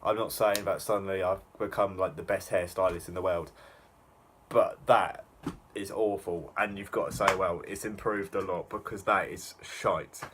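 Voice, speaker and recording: A man's voice: sits low, steady tone, normal speed, background noise. A young man rambling through self-mocking reaction commentary, with lots of fillers. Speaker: YouTuber.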